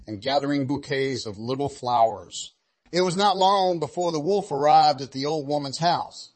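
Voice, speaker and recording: A man reads a fairy tale aloud as a storyteller. His pitch sits in the middle range, and he paces the story in a measured storybook cadence.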